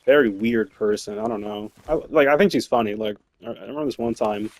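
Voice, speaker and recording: Speaking fairly quickly in a low voice, this young streamer rambles through stories from work as he games. He swears, laughs a lot and fills his speech with fillers.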